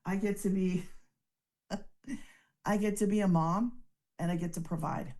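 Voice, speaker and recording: Brief: woman, mid-pitched and earnest, telling her success story on a video call. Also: steady tone, darkish tone. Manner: earnest, emotional, fast-talking storyteller. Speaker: business testimonial speaker. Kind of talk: personal success testimonial.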